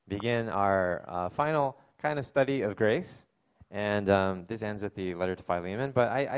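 Guy pastor preaching, low-ish voice, lots of ums and uhs, acts out people in goofy high voices. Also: smooth. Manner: reads scripture slowly, then chats loosely with many fillers. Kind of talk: sermon with scripture reading and stories.

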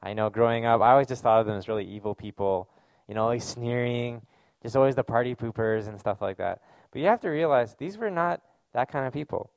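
A man's voice: medium pitch, brisk, no echo. A man giving a sermon as a pastor, speaking in a conversational, earnest way with casual fillers.

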